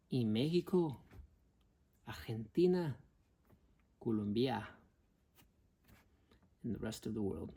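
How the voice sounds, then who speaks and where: A man's voice: a little high, sing-song, slow, creaky, pauses often, husky. A man vlogging in a casual, rambling way, joking around and trying out playful accents. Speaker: travel vlogger. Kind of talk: casual vlog chat.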